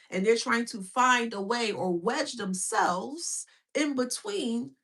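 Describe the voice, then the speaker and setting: A woman's voice: mid-range voice, vocal fry. A woman giving a casual spiritual reading, talking in a blunt, mocking, slangy way. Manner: animated, blunt and mocking, with frequent slang and laughs. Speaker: spiritual reader.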